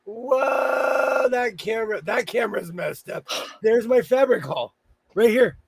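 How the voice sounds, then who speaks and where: Minnesotan man hosting a sewing stream, high gravelly voice, playful and loud at times, dry close sound. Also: slow, dry recording. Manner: playful, laughing, bursts of loud exclamations. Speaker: sewing channel host. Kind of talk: casual livestream chat.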